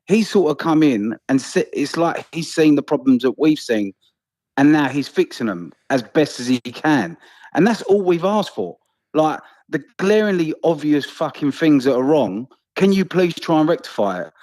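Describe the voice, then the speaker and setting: A man calling in by phone, excited, quick and sweary about the match. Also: a little high. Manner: buzzing, rapid, sweary. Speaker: phone-in fan caller. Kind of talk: excited football chat. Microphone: phone call.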